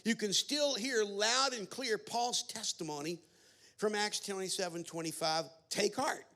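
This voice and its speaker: A man's voice: high voice, measured pace, sharp tone. A man giving a sermon at a family camp, telling a story with many fillers and restarts. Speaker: camp speaker.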